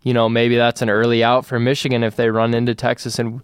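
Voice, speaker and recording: A man's voice: mid-range voice, completely flat delivery, quick pace, clear, resonant tone, dry recording. A man co-hosting a casual sports podcast, laid-back and teasing in a dry way. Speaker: podcast co-host. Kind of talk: casual sports betting chat.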